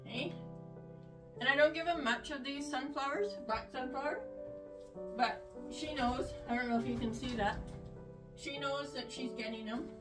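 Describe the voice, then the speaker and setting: An older woman showing her rabbits in a casual vlog, rambling with fillers and talking softly to the animals, recorded in a shed. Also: high-pitched, normal speed, long pauses. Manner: soothing, coaxing with animals. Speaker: homesteader. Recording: echoey, distant from the mic, music behind.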